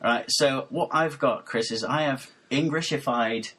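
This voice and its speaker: Husky-voiced guy hosting a podcast, rambly, keeps laughing mid sentence. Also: medium pitch, normal speed, sharp tone. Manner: rambling, hesitant, laughs often. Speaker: podcast host. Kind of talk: casual podcast chat.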